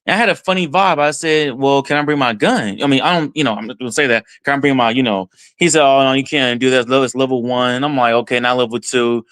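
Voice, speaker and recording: A man from Texas, a podcast guest, telling a story in an excited first-person way and voicing his own thoughts along the way. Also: mid-range voice, fast talker, few pauses, smooth, dry recording. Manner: excited, retells events with quoted self-talk.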